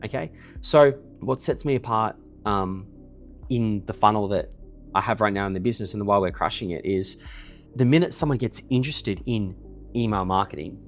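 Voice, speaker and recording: A man's voice: fairly low pitch, normal speed, faint music behind. A man, boasting and swearing in a casual monologue to camera from his desk, ending points with a pushy "okay?". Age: 20s. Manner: boastful and profane, keeps tagging "okay?". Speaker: email marketing business owner. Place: indoors at his desk in a villa.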